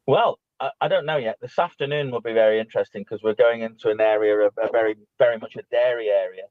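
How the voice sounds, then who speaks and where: A man's voice: medium pitch, fast talker, no room sound. Man on a tinny line. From United Kingdom. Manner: animated, repeats words when stuck. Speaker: co-host. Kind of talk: casual talk show chat. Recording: dry tinny phone-like line.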